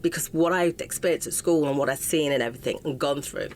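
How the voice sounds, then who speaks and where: A middle-aged woman with an English accent tells her life story with raw, unfiltered passion, stopping and restarting as feelings rise. Her voice sits low for a woman. A faint hum of ambient noise lies under the recording. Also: fast, darkish tone. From England. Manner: raw and impassioned, often breaking off mid-sentence. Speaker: interview guest. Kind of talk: emotional personal storytelling.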